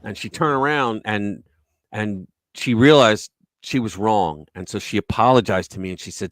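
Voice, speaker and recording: A man's voice: lowish voice, normal speed, a bit bright, dry recording. A middle-aged man hosting a casual talk show, rambling through stories and acting out the people in them. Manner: rambling storyteller, acts out quotes. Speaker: podcast host.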